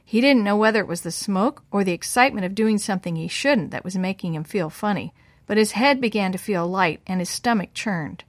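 A woman's voice: mid-range voice, fairly quick, dry recording. Woman storyteller, children's story, dry close sound. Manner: lively voices for the boys' lines. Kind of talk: scripted storybook narration.

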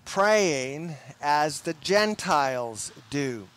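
A young man preaching a sermon in a deliberate, emphatic way, often repeating his words. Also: fairly high pitch, expressive, fairly bright tone, clean tone. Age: young adult.

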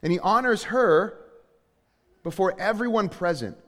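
Male pastor, high-pitched, animated sermon delivery, big reverberant hall. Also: unhurried. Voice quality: animated, conversational preaching with emphatic rises.

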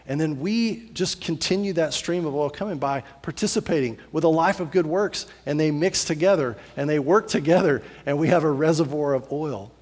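A man preaching a sermon as pastor, animated and repetitive, acting out little voices as he tells a story. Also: fairly high pitch, normal speed, hardly any pauses, big-room sound.

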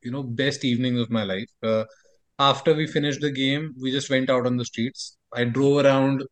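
A man's voice: mid-range voice, steady tone, normal speed, no room sound. A man in his thirties from India, chatting casually as a podcast co-host and telling stories in a rambling, hesitant way. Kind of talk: casual chat.

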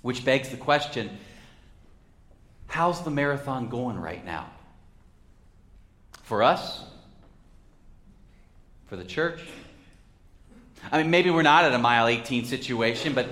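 A male pastor preaching a sermon in a church, with a measured, reflective delivery and dramatic pauses. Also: mid-range voice, animated, a bit bright, echoey room.

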